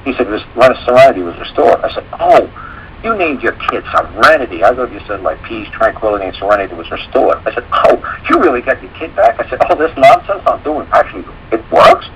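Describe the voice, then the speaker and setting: A man's voice: medium pitch, big pitch swings, a little fast, highs cut off, background noise. A man hosting a radio talk show, telling stories in a rambling way and acting out the dialogue he quotes.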